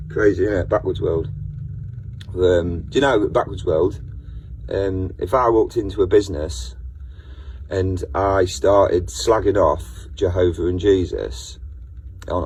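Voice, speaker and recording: A man delivers a rambling, self-interrupting rant in a casual video monologue. His voice sits low and sounds very husky and rough-edged. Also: a little mellow. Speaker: vlogger.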